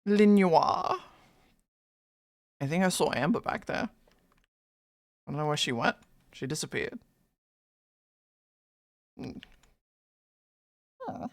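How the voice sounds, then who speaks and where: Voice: medium pitch, gravelly, no room sound. A live streamer chatting casually with viewers, greeting chatters by name and swearing freely in playful, mock-dramatic rants. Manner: mock-dramatic, hypes things up then undercuts them.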